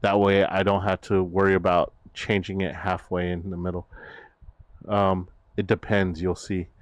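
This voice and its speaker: A man's voice: sits low, level tone, moderate pace, no echo. A man chatting casually on his stream, rambling with many fillers and restarts. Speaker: VTuber streamer.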